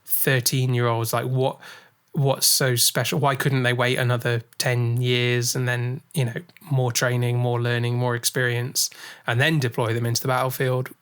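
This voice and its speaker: Male podcast co-host, mid-pitch, casual, rambly and full of fillers. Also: flat delivery, normal speed, fairly bright tone, clear, resonant tone. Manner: thinks aloud with many fillers and restarts. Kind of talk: casual film discussion.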